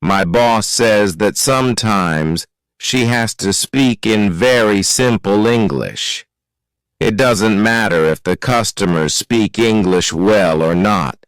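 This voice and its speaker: A man narrates a graded reader story at a very slow, deliberate pace, every word clearly shaped. His voice is smooth and resonant, and the recording is dry and close, with no room around it. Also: lowish voice, animated, dry recording, low-quality recording. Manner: slow, careful, clearly articulated reading. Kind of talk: slow scripted narration for learners.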